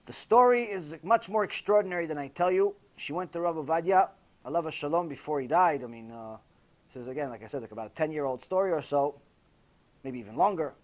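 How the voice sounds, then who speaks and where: Man, rabbi, high voice, animated sermon storytelling, acts out quotes, loud to hushed. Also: fast. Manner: animated, acting out quoted voices with big swings from shouting to near-whisper.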